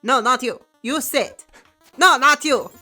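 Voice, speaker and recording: A woman putting on a theatrical male vampire count, slow and grandly commanding. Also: high-pitched, pushed and bright, soft background music, pitched above the performer's own voice, heavily acted. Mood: hammy commanding.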